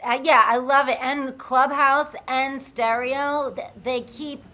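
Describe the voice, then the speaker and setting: A woman's voice: high voice, steady tone, slow pace, sharp tone. A woman comedian from the United States chatting casually as a guest, joking in a rambling, self-deprecating way. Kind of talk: casual chat.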